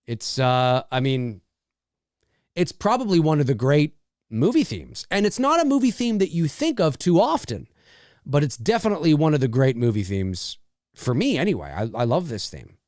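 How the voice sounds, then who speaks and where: A middle-aged man chatting his way through a live movie commentary, his voice sitting a little high for a man. The sound is dry and close, with no room around it. He laughs often and trails off mid-thought before starting again. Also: big pitch swings, moderate pace, a little mellow, no echo.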